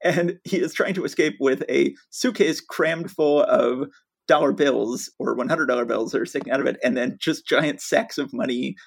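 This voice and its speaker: Gravelly man recapping a story. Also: medium pitch, normal speed. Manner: storytelling, enthusiastic. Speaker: podcast co-host. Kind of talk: casual plot recap.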